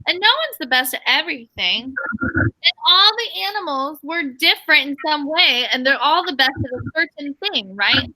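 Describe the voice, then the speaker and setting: A woman teacher leading an online reading lesson over a video call, reading a picture book aloud and asking her pupils questions in an animated way. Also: high voice, normal speed.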